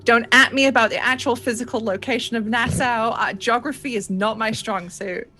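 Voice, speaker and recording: A woman's voice: on the high side, steady tone, normal speed, pushed and bright. A woman narrating a tabletop game as game master, casual and self-deprecating, swearing freely.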